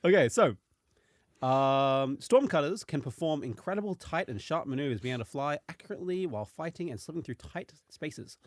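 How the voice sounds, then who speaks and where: A man hosting a casual podcast chat, reading notes with plenty of ums and quick laughs. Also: on the high side, expressive, no room sound, clean studio sound. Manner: reads notes with many fillers, laughs easily. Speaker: podcast host presenting dragon lore.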